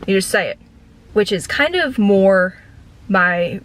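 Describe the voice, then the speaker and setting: A woman in her thirties chatting casually in a storytime from her car, deadpan and rambling, with lots of "like" fillers. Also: mid-range voice, slow pace, rough recording. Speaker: vlogger and former theme park ride guide.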